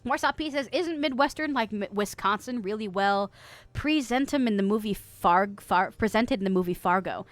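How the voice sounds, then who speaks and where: A woman's voice: medium pitch, normal speed, no room sound, soft background music. A young woman streamer, chatting casually and reading out viewer messages, laughing often and trailing off with fillers.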